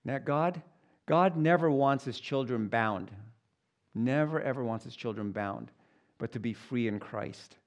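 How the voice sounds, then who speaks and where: A man preaching, slowly reading scripture aloud and then explaining it in plain, conversational words. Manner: acts out voices with big pitch jumps. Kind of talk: Bible teaching.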